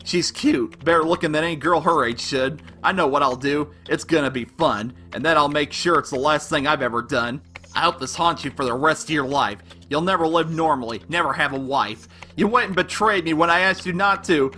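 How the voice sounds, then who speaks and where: Man rapping as an obsessive unstable superfan, rhythmic rhymes, fairly high voice, bright tone. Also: brisk. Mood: furious. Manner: rhythmic rhyming delivery, swings between gushing and menacing. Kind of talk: rapped fan-letter verse over a beat.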